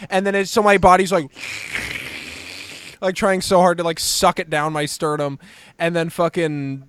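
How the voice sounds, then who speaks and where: High-voiced young guy, dry close sound. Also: moderate pace, smooth, dry recording. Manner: excitable, swears a lot, says "dude" often. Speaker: podcast co-host. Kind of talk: casual comedic banter.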